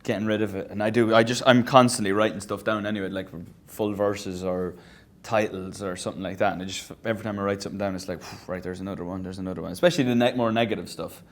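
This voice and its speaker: Fast-talking Irish man, low voice. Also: fairly even intonation. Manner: chatty, laughs easily, trails off softly. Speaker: singer-songwriter guest. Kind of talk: casual radio interview chat. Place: radio studio.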